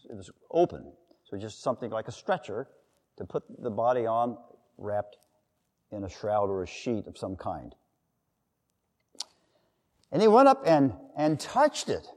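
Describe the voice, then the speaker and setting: A man preaching a sermon, his voice rising and falling with lively inflection. He talks in a loose, conversational way and acts out little quotes. The sound hangs in a big hall with a long tail of reverb. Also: medium pitch. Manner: conversational, with acted-out quotes and asides.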